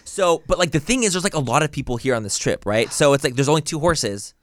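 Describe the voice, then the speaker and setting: A man's voice: on the high side, lively intonation, fast. A young man co-hosting a podcast, telling a story in a rambling way with lots of fillers and swearing. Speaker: podcast co-host. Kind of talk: casual chat.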